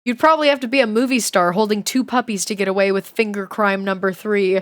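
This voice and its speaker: A woman's voice: mid-range voice, steady tone, quick pace, few pauses. A young woman streamer reading a children's book aloud, chatty and giggly, breaking off to comment and swear casually. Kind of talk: casual livestream reading and chat.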